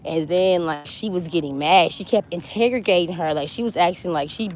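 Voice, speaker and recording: A woman's voice: on the low side, fairly quick, darkish tone, a little hiss or hum. A woman giving blunt, mocking celebrity gossip commentary, swearing freely as she talks.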